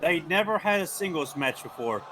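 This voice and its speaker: A man's voice: on the high side, lively intonation, normal speed, pushed and bright, slight background noise. A man chiming in on a gaming stream, eagerly reporting facts he looked up. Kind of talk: casual gameplay chat.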